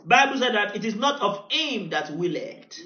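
A man with a Nigerian accent preaching a sermon as pastor, telling a story and building to shouted decrees. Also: high-pitched, very animated, a little slow. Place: church hall. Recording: echoey, dull church recording.

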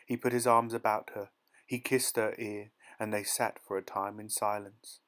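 A man narrating an audiobook short story in a soft, gentle dramatic reading style. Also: fairly low pitch, little pitch movement, moderate pace. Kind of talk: scripted narration.

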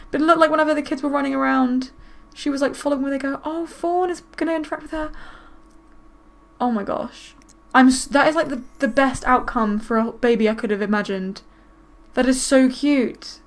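Woman, casual gameplay commentary host; high voice, excitable, gushing. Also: a little fast, vocal fry. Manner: excitable, gushing, squeals with delight. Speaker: gaming video host.

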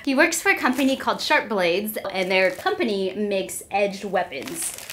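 A young woman in a casual unboxing vlog, excitable and gushing, squealing and gasping as she opens gifts. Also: mid-range voice, moderate pace, a little hiss or hum.

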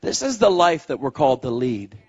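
A man preaching a testimony sermon, telling stories with loud exclaims and quiet asides. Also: a little fast, slightly rough. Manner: animated storytelling, swings between loud exclaims and low asides. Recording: dull lo-fi live recording.

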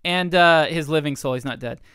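Young man, podcast co-host, crisp voice, profane rambling storyteller. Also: a little high, brisk, fairly bright tone, dry recording, clean studio sound. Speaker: podcast co-host and server admin. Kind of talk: casual comedic storytelling.

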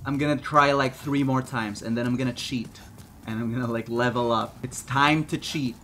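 A young man giving gameplay commentary who often yells, screams and swears at the game. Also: mid-range voice, fairly even intonation, normal speed, a little hiss or hum. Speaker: gaming video host. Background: loud music.

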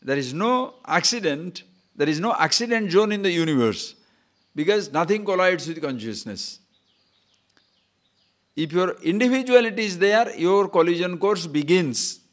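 A man teaching a spiritual class with a lively, higher voice that rises and falls widely. He keeps asking rhetorical questions and acts out shouts in his stories. Birds can be heard behind him. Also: normal speed. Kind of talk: spiritual discourse to a live class.

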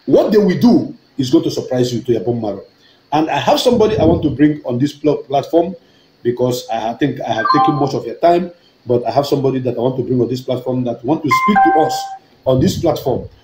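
A man's voice: medium pitch, animated, a little fast, darkish tone, roomy sound, a little hiss or hum, poor audio. A man with a Nigerian accent giving an impassioned, emphatic political talk, often repeating himself and rising to fervent outbursts. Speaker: online activist broadcaster.

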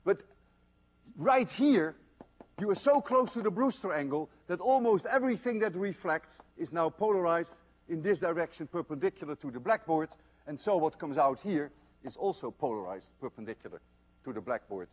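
An older man giving a university physics lecture, telling stories in an animated, emphatic way. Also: fairly high pitch, normal speed. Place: lecture hall.

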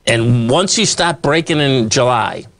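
A man's voice: mid-range voice, lively intonation, a little slow, creaky, a bit bright. A man hosting live stock market commentary over charts, talking in a rambling, emphatic, folksy way, full of "okay" and "bottom line". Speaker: market analyst host.

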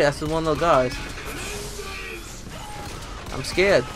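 A young man giving casual, excitable gameplay commentary, swearing and talking to himself as he plays. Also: a little high, normal speed, long pauses, soft background music. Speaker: let's play gamer.

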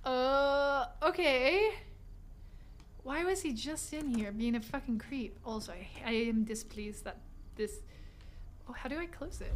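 A woman streaming a game live, excitable and talking to herself and the chat, laughing and swearing often. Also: high-pitched, unhurried, a little hiss or hum. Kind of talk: live gameplay commentary.

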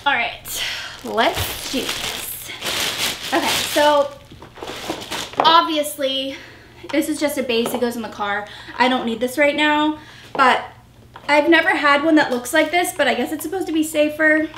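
A woman's voice: sits high, moderate pace, fairly bright tone. A young woman, pregnant and a little out of breath, chatting casually through an unboxing video at home, with an upbeat manner and plenty of fillers. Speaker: vlogger. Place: home room, indoors. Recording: roomy echo, faint noise.

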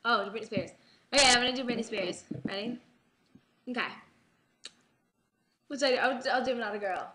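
A woman's voice: on the high side, normal speed, long pauses, bright, forceful tone. A young woman chatting playfully and giggling as she sets up impressions for friends. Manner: playful, giggly, breaks into song. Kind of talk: casual impressions among friends.

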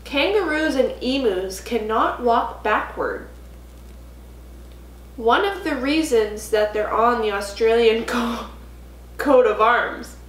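Young woman, vlog co-host, chatty with lots of fillers, bright-pitched, roomy sound. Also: lively intonation, takes it slowly, slight background noise. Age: young adult. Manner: chatty, laughing, many fillers. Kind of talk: casual couch chat. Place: home living room couch.

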